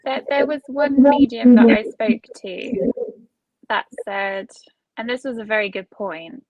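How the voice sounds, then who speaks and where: A woman's voice: fairly high pitch, measured pace, a crowd in the background, low-quality recording. A woman who is a guest on a casual chat, asking one question after another. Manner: inquisitive, asks many questions.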